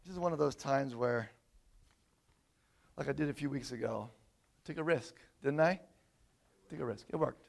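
A man preaching a sermon to a congregation, animated and quizzing his listeners with questions. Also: medium pitch, normal speed, vocal fry, pauses often. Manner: animated, asks the audience questions.

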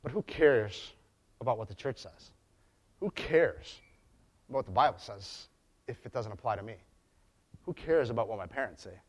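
A man's voice: on the low side, animated, brisk. A man preaching in a conversational way, telling stories with frequent restarts and asides. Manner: chatty storytelling with frequent restarts. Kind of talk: conversational sermon.

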